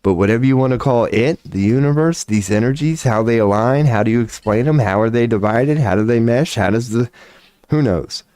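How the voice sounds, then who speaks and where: Brisk and mellow, a mid-range male voice carries rambling, profane stream talk from a home webcam setup, with loose jokes and silly voices mixed in. It comes through a webcam mic with no room sound.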